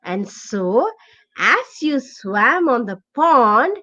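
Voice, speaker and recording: A woman's voice: on the high side, sing-song, drawn-out words, bright, forceful tone, muffled recording, exaggerated voice. A woman playing a kindly frog friend. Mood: affectionate. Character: friendly male frog drummer, fun-loving.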